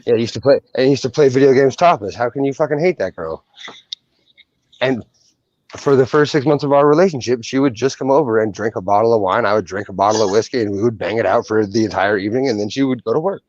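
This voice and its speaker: A man's voice: medium pitch, fast, a little mellow, no echo. Brash, foul-mouthed young male co-host, casual banter, dry, slightly dull recording. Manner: brash, profane, joking. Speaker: coin channel co-host. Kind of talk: casual livestream chat.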